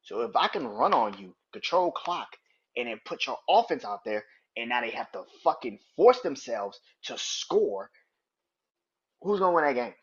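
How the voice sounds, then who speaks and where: A man's voice: medium pitch, sing-song, normal speed, a bit bright, breathy edge, dull audio. A man hosting a sports podcast, ranting in a heated, profane, incredulous way. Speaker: podcast host. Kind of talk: sports opinion rant.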